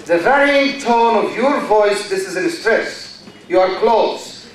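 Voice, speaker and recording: An Arabic-speaking man with an Egyptian accent gives a classroom lecture in English, stretching words out for emphasis and repeating his example sentences. He sounds high-pitched, animated and slow, recorded with a far-off mic in an echoey hall with slight background noise.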